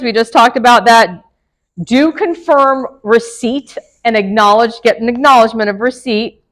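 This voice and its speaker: Woman broker, higher voice, chatty lecture to a room of agents, quick laughs. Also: fairly bright tone, poor audio. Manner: chatty, laughs often, asks the room questions. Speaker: real estate broker teaching agents. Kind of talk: casual classroom lecture.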